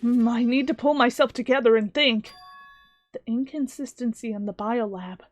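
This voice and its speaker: A woman's voice: a little high, normal speed, no room sound, soft background music, pitched below the performer's own voice, natural voice. A woman reading an earnest, anxious teen boy. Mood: puzzled. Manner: earnest, self-talking. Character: earnest teenage boy student, anxious but determined.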